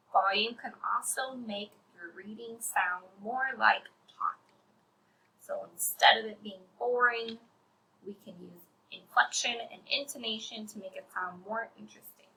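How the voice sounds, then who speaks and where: A young woman teaching children a reading lesson, friendly and breathy, often near a whisper as she demonstrates different reading voices. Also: medium pitch, sharp tone, slight background noise, rough recording.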